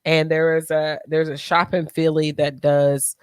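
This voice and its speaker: A man's voice: a little high, completely flat delivery, unhurried, clear, resonant tone, dry recording, studio quality. A man co-hosting a podcast in loose, rambling casual chat. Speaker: podcast co-host.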